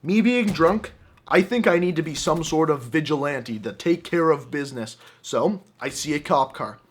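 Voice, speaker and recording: A young man hosting a gaming channel, telling an animated, jokey personal story over gameplay commentary. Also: on the high side, normal speed, husky.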